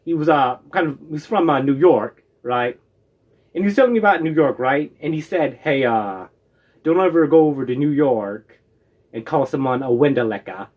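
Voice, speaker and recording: Man, from the US, casual storytelling, rambling, dull lo-fi recording. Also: on the high side. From United States. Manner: rambling, many "uh"s and tag "right?".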